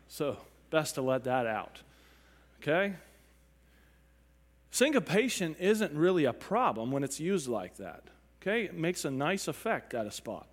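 A man teaching music, explaining beats and counting and humming examples aloud as he goes, now and then clearing his throat. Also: medium pitch. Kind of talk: spoken lecture with sung examples. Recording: long reverb, hall-like.

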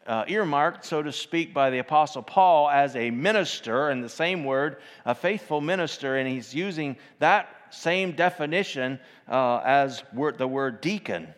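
A man preaching an informal sermon, talking in a halting way with many fillers and restarts and reading scripture aloud. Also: a little high, expressive. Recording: long hall reverb.

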